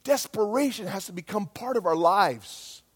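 A middle-aged male pastor preaching a sermon with passion, dropping to near-whispers and rising to loud calls. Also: high-pitched, expressive, normal speed, slightly rough. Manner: impassioned, swings from hushed to loud.

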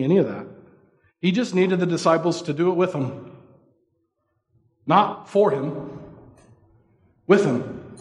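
A man's voice: a little high, breathy edge. A man giving a casual, conversational sermon, acting out quoted voices with many fillers. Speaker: pastor.

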